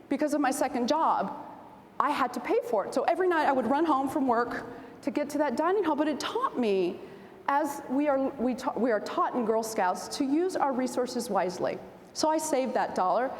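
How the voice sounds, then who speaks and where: A woman in her forties giving a storytelling speech at a convention, animated and acting out the voices in her anecdotes. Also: sits high, slight background noise. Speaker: keynote speaker. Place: large convention hall. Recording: roomy hall reverb, faint ambience.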